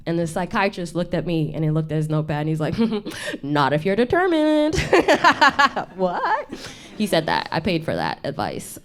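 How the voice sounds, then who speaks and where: A woman's voice: sits low, a little mellow. A young woman performing a chatty, self-deprecating stand-up set on a small studio stage, laughing between her lines. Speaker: stand-up comedian. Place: intimate studio stage with audience.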